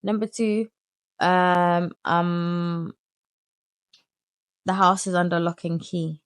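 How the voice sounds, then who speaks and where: A young woman telling her life story in a candid, animated vlog, full of slang and crude asides. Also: lowish voice, slow, smooth, no echo, studio quality. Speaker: vlogger.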